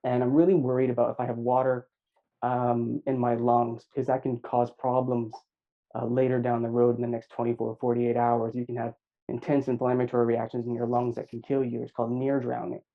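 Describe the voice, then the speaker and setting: A middle-aged man recounting a near-death experience in an interview, reflective and halting, with many fillers and restarts. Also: medium pitch, monotone, creaky, narrow, tinny audio. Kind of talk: personal account in an interview.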